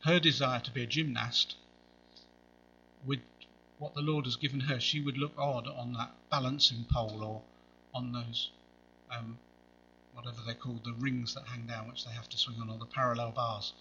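A man's voice: medium pitch, steady tone, moderate pace, long pauses, pushed and bright, highs cut off, a little hiss or hum. A man preaching a sermon in a conversational way, with wry asides.

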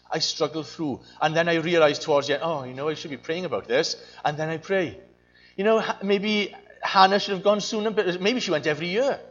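A man's voice: fairly high pitch, lo-fi sound. A man preaching a sermon, earnest and searching, often repeating his phrases. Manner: earnest, repeats phrases, mimics voices in quotes.

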